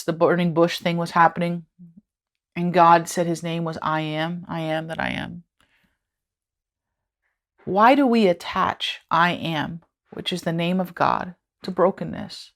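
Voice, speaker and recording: Woman devotional teacher, lowish voice, earnest and conversational, repeats for emphasis. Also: steady tone, unhurried.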